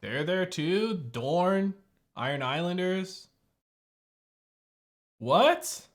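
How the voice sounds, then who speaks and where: Young male reactor, raised pitch, loud profane outbursts of disbelief. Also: expressive, drawn-out words. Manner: loud profane exasperated exclamations. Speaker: video reactor. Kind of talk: reaction commentary.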